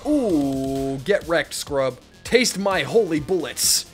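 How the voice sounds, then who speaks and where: A young man gives relaxed let's-play commentary, laughing, mocking himself and swearing freely. He talks slowly, and his pitch swings widely from low mutters to high yelps. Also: soft background music. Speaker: gaming streamer.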